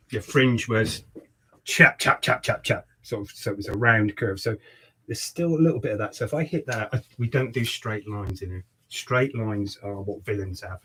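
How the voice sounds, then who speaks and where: A man's voice: fairly low pitch, a bit bright, slight background noise, low-quality recording. A man, a barber chatting and teasing his customers while he cuts hair in his shop. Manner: cheeky, mock-gruff teasing. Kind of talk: livestreamed casual banter while cutting hair.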